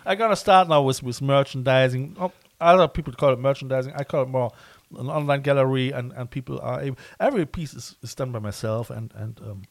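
A man hosting a casual podcast interview, talking in halting phrases full of restarts and fillers. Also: medium pitch, creaky, dry recording. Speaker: podcast host.

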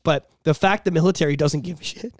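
A man's voice: fairly high pitch, fast talker, no room sound, studio quality. A man co-hosting a casual podcast, talking in a blunt, heated, sweary way. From Canada. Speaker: podcast co-host.

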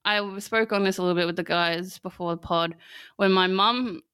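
A young Australian woman chatting candidly as a podcast guest, her voice smooth and clean. She laughs often and fills her sentences with "like". The close mic sounds dry, with no room around it. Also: fairly low pitch, fairly even intonation, brisk, fairly bright tone, no room sound. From country Victoria, Australia. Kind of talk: candid casual conversation.

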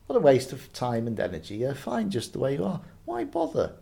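A man's voice: mid-range voice, huge pitch swings, vocal fry, dark tone. A man voicing a ponderous, scoffing female turtle in a storybook reading. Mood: sniffy. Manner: drawn-out, scoffing.

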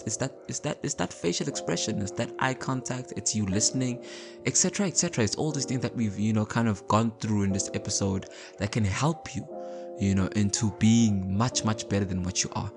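Low-voiced man, casual motivational talk. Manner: conversational, repeats words, checks in with listeners. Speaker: podcast host.

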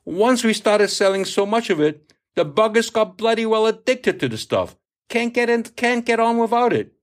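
A man's voice: high voice, expressive, normal speed, voice pushed up. A man reading aloud, voicing a crude, hard-drinking older male sea captain who swears and lectures. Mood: boastful. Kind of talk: audiobook reading.

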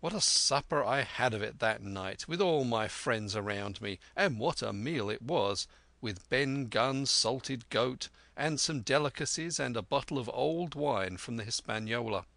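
A man narrating a classic adventure novel in a steady, clear reading voice. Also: medium pitch, unhurried, dry recording. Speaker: audiobook narrator. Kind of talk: scripted narration.

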